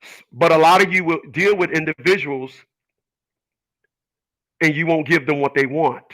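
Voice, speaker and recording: Bright-voiced man preaching to viewers. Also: a little high, fairly even intonation, moderate pace, low-quality recording. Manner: earnest, emphatic, preachy. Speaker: channel host. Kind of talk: personal monologue to viewers.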